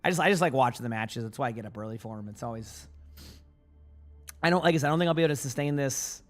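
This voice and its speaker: A man's voice: medium pitch, expressive, fast talker, soft background music. A man streaming in the morning with his morning voice, chatting casually with viewers in a rambling way, stumbling and repeating words as he answers chat. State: morning voice, just woke up.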